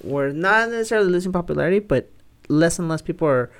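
A man's voice: fairly high pitch, expressive, fast, smooth. A man co-hosting a podcast in casual chat, enthusiastic and full of fillers, often saying "dude". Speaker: podcast co-host.

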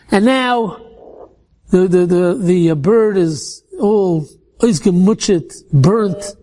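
A man telling a religious story in an animated way, often repeating words as he restarts. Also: extremely high pitch.

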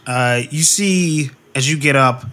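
A man's voice: medium pitch, takes it slowly, bright, forceful tone, soft background music. A man narrating a tabletop game as game master in a casual, filler-heavy way.

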